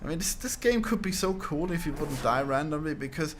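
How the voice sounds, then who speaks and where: A man's voice: fairly high pitch, lively intonation, brisk, a little hiss or hum. Laid-back man streaming a game. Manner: laid-back, swears, laughs often. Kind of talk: casual stream chat while gaming.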